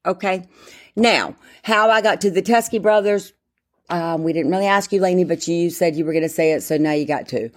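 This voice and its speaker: This podcast host, a woman in her 50s, talks briskly in a lowish voice. Chatting on her own, she rambles, breaks off mid-thought and leans heavily on fillers.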